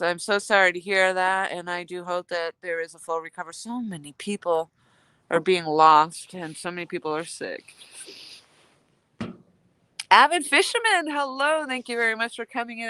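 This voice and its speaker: A woman's voice: medium pitch, moderate pace, sharp tone, clear, resonant tone, no room sound. A woman hosting a casual live stream outdoors while fishing, chatting and thanking viewers by name. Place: outdoors, fishing in freezing cold.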